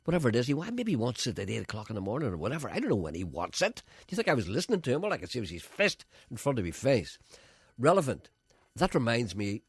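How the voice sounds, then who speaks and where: Fast-talking man telling stories. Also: mid-range voice, huge pitch swings, slightly rough, dry recording. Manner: rambling storyteller, acts out quotes, laughs at own tales. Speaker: radio host. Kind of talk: casual chat.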